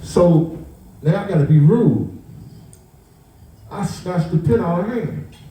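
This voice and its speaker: Slow and high-pitched, the voice of a victim's uncle carries an emotional story that he acts out with animation. He keeps stumbling, restarting and repeating words. The mic sits far from him, making the audio very echoey.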